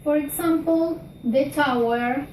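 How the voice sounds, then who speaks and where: A woman teaching a recorded English grammar lesson, talking slowly with frequent fillers and "okay?" checks. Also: sits high, a little mellow. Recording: echoey room, distant mic, faint noise.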